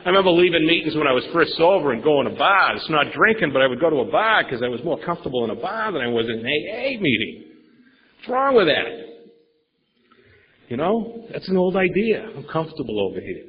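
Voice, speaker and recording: A man's voice: fairly high pitch, very animated, brisk, in a large hall. A man giving a rambling, emphatic personal recovery share at a meeting, repeating words and swearing casually. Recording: dull lo-fi recording.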